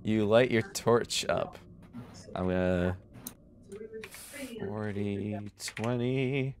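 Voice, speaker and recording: A man's voice: lowish voice, extremely slow, darkish tone, a little hiss or hum. Casual man running a tabletop game. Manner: casual, laughs often, loose narration. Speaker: game master.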